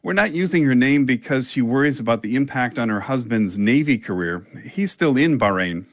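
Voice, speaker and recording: A male reporter giving a measured news report in a plain, steady delivery. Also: mid-range voice, no room sound.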